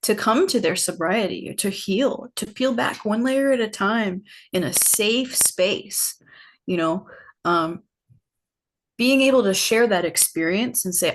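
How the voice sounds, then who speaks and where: A woman's voice: mid-range voice, slight background noise. Reflective woman telling her story. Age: adult, older than her teen years. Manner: reflective, unhurried, many fillers, acts out quotes. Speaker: podcast guest, healing facilitator. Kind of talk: personal storytelling in casual conversation.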